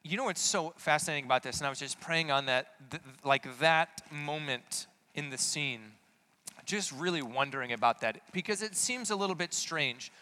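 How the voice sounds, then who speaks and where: A man's voice: a little high, pushed and bright. A man giving a conversational sermon, asking many rhetorical questions. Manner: casual, full of rhetorical questions. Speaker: preacher.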